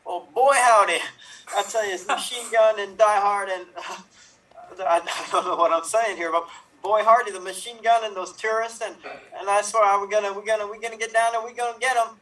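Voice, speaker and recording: A man's voice: high-pitched, steady tone, a little fast, bright, forceful tone, recorded from a distance, poor audio. A man doing a mock Southern US accent as a flustered, rambling hick in improv comedy.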